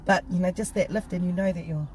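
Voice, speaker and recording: A woman's voice: fairly low pitch, steady tone, fast, a little hiss or hum. A woman from New Zealand with a New Zealand accent, a singer chatting casually as a guest and laughing often. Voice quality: laughs often, bubbly and warm-hearted. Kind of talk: casual interview chat.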